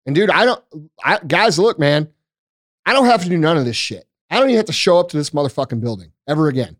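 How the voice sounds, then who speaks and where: A man's voice: a little high, lively intonation, fast, fairly bright tone. Profane, fired-up man ranting. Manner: profane, emphatic, frustrated ranting. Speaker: podcast host. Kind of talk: heated casual talk.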